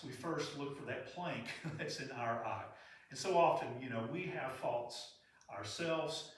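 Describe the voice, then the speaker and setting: A man's voice: medium pitch, slight background noise. A man preaching a sermon in a church in an earnest, conversational way. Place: church sanctuary. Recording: echoey hall from far off.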